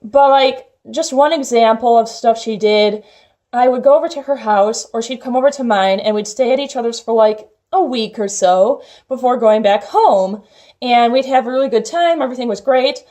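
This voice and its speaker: Young woman, high-pitched, casual storytelling vlog, chatty, filler-heavy. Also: moderate pace, dark tone. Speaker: vlogger.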